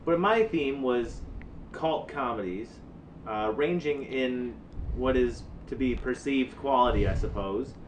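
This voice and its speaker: A man co-hosting a podcast, chatting casually with dry jokes and halting fillers. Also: mid-range voice, a little hiss or hum, low-quality recording. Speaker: podcast co-host. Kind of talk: casual chat.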